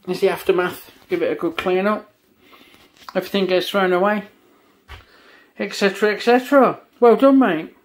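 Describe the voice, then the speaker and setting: High-voiced, blunt, swearing workshop man. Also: normal speed. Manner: chatty and blunt, swears freely. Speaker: custom motorcycle builder and tattooist. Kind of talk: casual workshop commentary.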